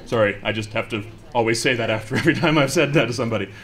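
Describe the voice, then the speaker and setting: A man's voice: mid-range voice, rapid-fire, a bit bright. A man works a live comedy stage, talking into a handheld mic. He is chatty and mocks himself, slipping into quoted voices as he goes. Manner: chatty, self-mocking, acts out quoted voices. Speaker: stand-up comedian. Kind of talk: stand-up comedy set.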